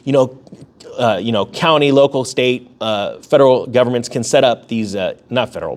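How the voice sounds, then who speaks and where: A man hosting a casual economic news commentary, full of sarcastic joking asides and quick swings in pitch and pace. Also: a little mellow. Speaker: host of an economics news channel.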